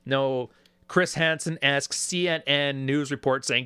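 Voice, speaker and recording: A man's voice: mid-range voice, a little slow, clear, resonant tone, no room sound, studio quality. A man giving casual, sarcastic reaction commentary on video clips, often putting on mocking voices. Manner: animated, sarcastic, does mocking quoted voices. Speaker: YouTube commentator.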